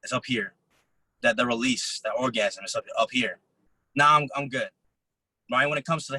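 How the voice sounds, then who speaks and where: A man giving a motivational talk to a group, telling stories and acting out quotes of other people in an animated way. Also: medium pitch, moderate pace, slightly rough, no room sound, poor audio. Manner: animated storytelling, acts out quotes. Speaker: motivational speaker. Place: event room.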